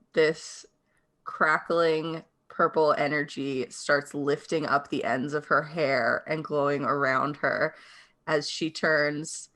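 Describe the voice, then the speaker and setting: A woman's voice: sits low, a bit bright. A woman playing a tabletop game, telling her character's actions in a dramatic storytelling way. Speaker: player.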